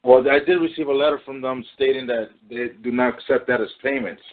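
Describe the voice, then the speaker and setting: A man's voice: medium pitch, steady tone. A man calling in to a radio show, speaking hesitantly with many restarts. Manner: hesitant, halting. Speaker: caller. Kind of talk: phone-in conversation. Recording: phone-like narrow sound.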